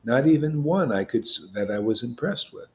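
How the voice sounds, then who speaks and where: A man as spiritual teacher, giving an informal devotional talk in a colloquial way, full of rhetorical questions and rising in pitch to stress his points. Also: expressive, moderate pace, a little mellow.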